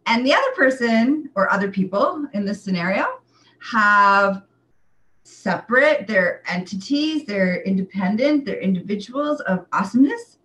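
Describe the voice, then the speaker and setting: Woman, relationship coach, casual animated talk, chatty fillers, mid-pitched voice. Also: moderate pace, low-quality recording. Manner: animated and conversational, with many fillers. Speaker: sexual wellness coach. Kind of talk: casual explanatory monologue.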